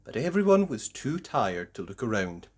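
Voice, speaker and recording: A man reading a children's picture book aloud, narrating slowly and expressively for young listeners. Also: mid-range voice, husky. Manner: slow, expressive storytelling. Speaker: storybook reader.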